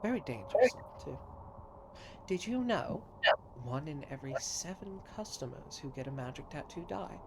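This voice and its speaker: A man's voice: on the high side, very animated, moderate pace, pitched above the performer's own voice. A man voicing a male blue fire elemental tattoo artist in a tuxedo, breezy and darkly cheerful, over a noisy background.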